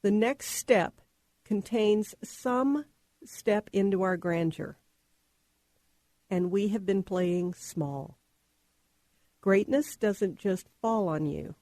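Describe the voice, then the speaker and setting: A woman co-hosting a talk radio show, calmly guiding listeners through an exercise. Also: mid-range voice, no room sound. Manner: calm, guiding. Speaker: radio co-host and energy coach.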